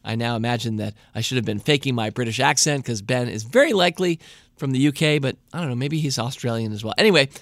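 A man's voice: medium pitch, quick pace, fairly bright tone, no echo, studio quality. A middle-aged American man hosting a podcast, reading a listener's letter aloud and breaking off to comment on it in a chatty way. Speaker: podcast host.

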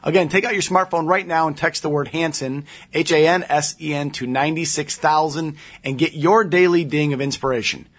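An upbeat man hosts a podcast and reads the sponsor message himself. His voice is husky and sits a little high. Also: fairly even intonation, normal speed, hardly any pauses, fairly bright tone. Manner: upbeat, enthusiastic. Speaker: podcast host. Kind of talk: podcast hosting with sponsor read.

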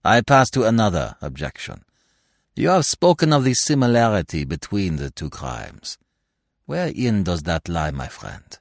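A man's voice: low voice, very animated, a little slow, gravelly, no echo, clean studio sound, exaggerated voice. A man voicing a fussy, self-assured older Belgian detective who lectures with precise, impatient logic in an audiobook reading. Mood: lecturing.

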